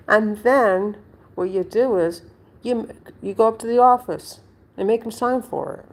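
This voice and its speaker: A woman's voice: fairly low pitch, vocal fry. A woman at home telling a story to her viewers in a blunt, rambling way, swearing freely. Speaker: vlogger. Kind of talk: casual storytelling to camera.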